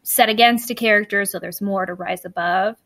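A woman co-hosting a podcast in casual chat, talking fast and loose with lots of fillers and restarts. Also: medium pitch, steady tone, a bit bright, no echo. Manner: chatty, many fillers and restarts. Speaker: podcast co-host.

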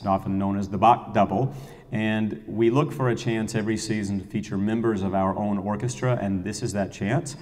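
Middle-aged male music director, chatty and enthusiastic, low voice, long echo of a hall. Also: darkish tone. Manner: chatty, enthusiastic storyteller with fillers. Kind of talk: casual season announcement talk.

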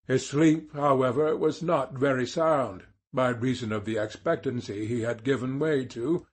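A man narrating a classic novel as an audiobook, in a measured, even storytelling manner. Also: on the high side, slightly rough.

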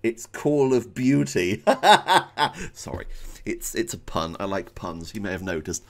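Let's-play streamer, wild pitch swings, flips from mumbles to shouts, desk mic. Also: measured pace. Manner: excitable, swings from muttering to yelling. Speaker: gaming YouTuber.

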